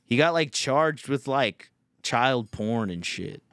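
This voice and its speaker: A man's voice: mid-range voice, expressive, takes it slowly, fairly bright tone, clean tone, no room sound, clean studio sound. A young man hosting a podcast, telling a rambling, profane story in casual chat. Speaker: podcast host.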